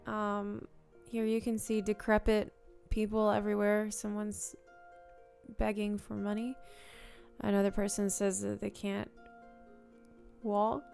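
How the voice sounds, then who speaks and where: A woman streamer giving unscripted, wry and playful commentary while touring a game world, cracking deadpan jokes. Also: medium pitch, creaky.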